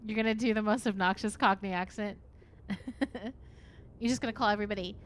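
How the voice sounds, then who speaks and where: A woman's voice: mid-range voice, fairly even intonation, a little fast, a little hiss or hum. A young woman streaming a narrative game, reading its text aloud and reacting with frequent giggles.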